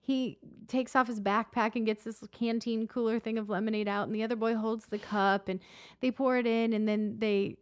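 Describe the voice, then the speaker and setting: Woman podcast co-host, lively storyteller who does little voices for the people in her stories; slightly high pitch. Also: moderate pace, clear, resonant tone, dry recording, studio quality. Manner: animated, acts out quoted voices in a higher pitch. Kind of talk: casual storytelling chat.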